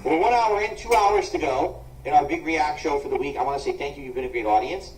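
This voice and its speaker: A man's voice: fairly high pitch, quick pace. A man live streaming in a casual way, complaining about a video and pleading for donations. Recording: distant, echoey clip with faint hiss.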